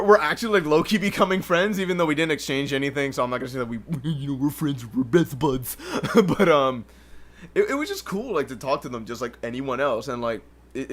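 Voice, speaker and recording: A young man hosting a podcast alone, telling a story in an animated, profane way and laughing often. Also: medium pitch. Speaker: podcast host. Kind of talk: casual storytelling. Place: home livestream setup.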